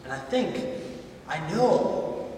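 High-voiced man preaching in an echoey church. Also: takes it slowly, slight background noise. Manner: animated storytelling, rising to loud emphatic peaks. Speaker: visiting preacher. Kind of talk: sermon. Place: church sanctuary. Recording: echoey church hall, far from mic.

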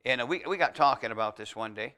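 Bright-voiced folksy male preacher. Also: medium pitch, animated, fast talker. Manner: folksy, emphatic, rises to loud exhortation. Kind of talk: conversational sermon.

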